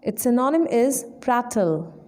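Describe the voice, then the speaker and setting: A woman, an English trainer, slowly explaining vocabulary words one by one in a lesson. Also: on the high side, animated, dark tone. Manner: slow, deliberate word-by-word explanation.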